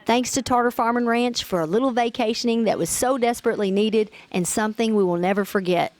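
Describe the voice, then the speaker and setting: A woman's voice: a little high, quick pace, a little mellow. A woman giving upbeat scripted narration for a show. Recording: voice-over with music behind.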